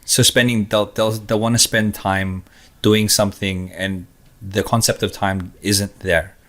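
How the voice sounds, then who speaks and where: A man co-hosting a casual podcast, sharing anecdotes and ideas in a reflective, unhurried way. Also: on the low side, little pitch movement, fairly bright tone. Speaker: podcast co-host.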